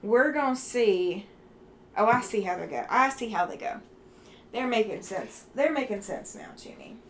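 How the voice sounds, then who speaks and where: A woman hosting a relaxed livestream, chatting casually with viewers and reading their comments while she works on a quilting project. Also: mid-range voice, moderate pace, slight background noise. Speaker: livestream host.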